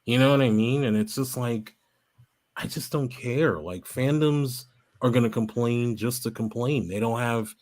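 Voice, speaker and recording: A man's voice: mid-range voice, darkish tone. A man co-hosting a podcast, chatting casually, emphatic and agreeable. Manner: emphatic and agreeable, quick to back up his co-host. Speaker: podcast co-host. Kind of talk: casual chat.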